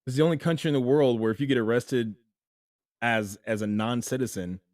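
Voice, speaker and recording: A young man hosting a solo opinion commentary, talking animatedly and jumping to emphatic highs as he acts out imagined people. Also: brisk, darkish tone, no echo, studio quality. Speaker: host.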